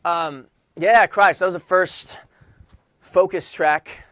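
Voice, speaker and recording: A man's voice: high-pitched, steady tone, takes it slowly, a bit bright, no echo, clean studio sound. A man casually chatting to his livestream audience between songs, loose and rambling with lots of fillers. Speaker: singer-songwriter hosting a livestream. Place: indoor room under hot lights.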